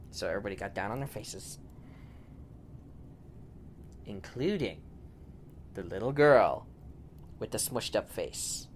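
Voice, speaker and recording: A father telling a playful bedtime story to his daughter, laughing often and shouting the robbers' lines. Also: on the high side, lively intonation, unhurried, long pauses. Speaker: storyteller dad.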